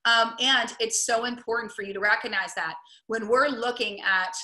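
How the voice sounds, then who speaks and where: A woman's voice: fairly high pitch, steady tone, moderate pace, pushed and bright. Chatty upbeat woman, echoey room. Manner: chatty, upbeat, full of "like" and "right?". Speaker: wellness coach. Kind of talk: casual teaching talk to camera.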